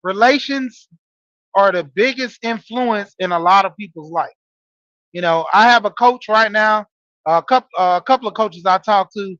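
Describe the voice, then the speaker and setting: A man's voice: high voice, unhurried, fairly bright tone, no echo, dull audio. A man in his forties hosting a casual monologue show, telling stories to listeners with lots of fillers. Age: 40s. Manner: storytelling, talking straight to listeners with frequent fillers. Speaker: podcast host and wrestling coach. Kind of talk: casual monologue, greeting live chat.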